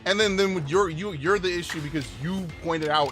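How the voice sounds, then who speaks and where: A man's voice: sits high, moderate pace. A man in his forties from New York, a gaming channel host giving a blunt, profane, restart-filled rant during casual gameplay. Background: game music.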